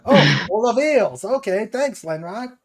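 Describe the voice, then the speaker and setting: A man's voice: high-pitched, big pitch swings, unhurried. A man hosting a casual livestream chat, reading out viewer comments with lots of hesitation and fillers. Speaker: host.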